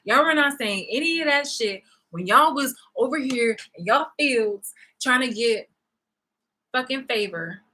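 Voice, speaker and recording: Woman on a sweary angry vlog rant, sarcastic, kinda raspy but bright voice. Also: a little high, animated, a little slow, poor audio. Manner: profane, angry, sarcastic, with bursts of laughter. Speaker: vlogger.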